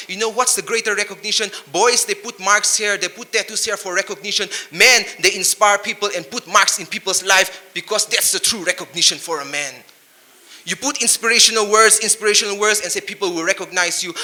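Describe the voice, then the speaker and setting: A man's voice: high voice, bright, forceful tone. A man giving a motivational speech to youth, punchy and emphatic, full of rhyming wordplay, into a handheld mic. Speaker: motivational speaker.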